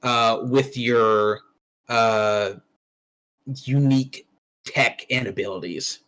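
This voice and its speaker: A man's voice: medium pitch, slow, fairly bright tone, low-quality recording. A man running a tabletop game as game master, talking casually and bluntly and swearing freely.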